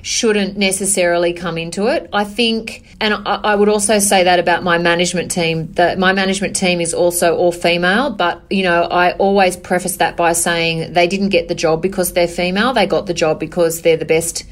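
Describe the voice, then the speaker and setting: A woman, a business owner answering interview questions in an earnest, measured way, often saying "you know". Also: on the low side, steady tone.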